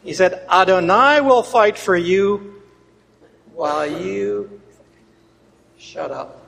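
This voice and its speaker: A man preaching a sermon and reading scripture aloud, who swings between loud emphatic reading and quiet asides. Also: high-pitched, animated, takes it slowly, gravelly, a little hiss or hum. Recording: long hall reverb.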